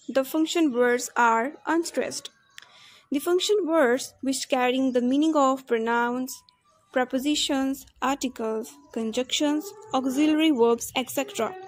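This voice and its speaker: A woman giving a recorded lesson on English pronunciation, saying each example sentence slowly and carefully and then repeating it. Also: high-pitched, dry recording. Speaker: English phonology student presenter.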